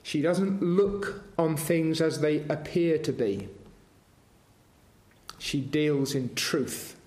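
A man's voice: a little high, slow, a little mellow. A man preaching a sermon, earnest and asking his congregation rhetorical questions. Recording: roomy echoing hall.

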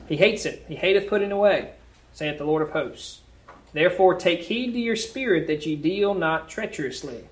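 A man leading a Bible study, reading scripture aloud and then explaining it in plain, casual words. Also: a little high.

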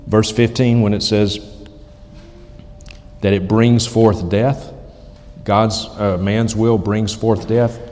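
A man preaching a sermon, emphatic, slowly repeating key phrases for weight. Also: lowish voice, flat delivery, a little mellow, big-room sound. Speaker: pastor.

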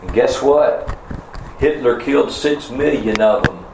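A man's voice: medium pitch, expressive, a little slow. Man, preacher, sermon, fervent, rising emphasis, echoey church room, faint background hum. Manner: fervent, swings from soft to loud rising emphasis.

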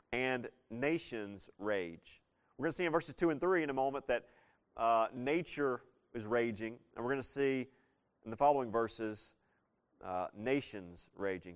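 A middle-aged man, preaching a sermon in an easygoing storytelling way and slowing down to stress key phrases. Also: mid-range voice, clean tone. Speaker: pastor.

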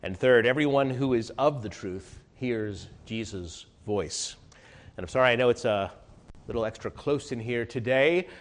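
A man pastor delivering an earnest sermon to his congregation, his pitch and loudness swinging widely as he preaches. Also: normal speed. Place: warm, crowded church hall. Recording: reverberant hall.

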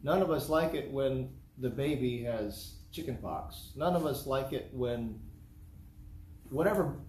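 An American pastor preaches a sermon in earnest, his medium-pitched, darkish voice unhurried as he repeats points in rhetorical lists. The room is echoey with faint background noise.

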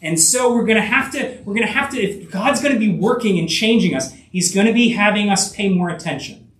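A man preaching a sermon, halting and full of restarts, asking his listeners rhetorical questions. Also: high-pitched, expressive, a bit bright, roomy sound, far from the mic, poor audio. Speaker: pastor.

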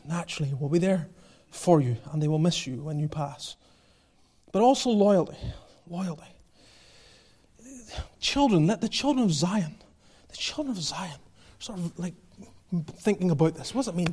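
Impassioned high-voiced male pastor. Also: animated, moderate pace, pauses often, husky. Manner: passionate, rising to near-shouting then dropping low; repeats phrases, chuckles. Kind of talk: sermon.

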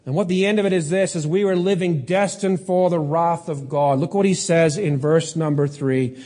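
A male pastor delivering a sermon in a fairly high voice. He asks the congregation questions and drags out key words for emphasis. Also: darkish tone. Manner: emphatic preacher, rhetorical questions, slows down for stress.

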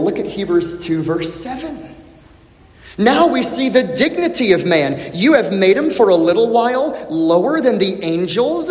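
A man preaching a sermon, expressive and dramatic, repeating questions for emphasis with long pauses. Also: sits high. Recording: echoey hall with long reverb.

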